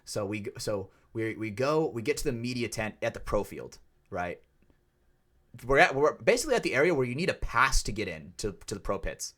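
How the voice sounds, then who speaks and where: Profane, animated man telling a story. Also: medium pitch, brisk. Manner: animated, profane, acts out quotes. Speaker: podcast co-host. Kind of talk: casual storytelling.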